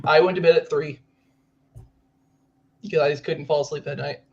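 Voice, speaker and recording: A man's voice: on the high side, normal speed. Rambling young man, dull lo-fi audio. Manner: rambling, heavy use of "like", excitable. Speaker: podcast co-host. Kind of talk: casual sports chat.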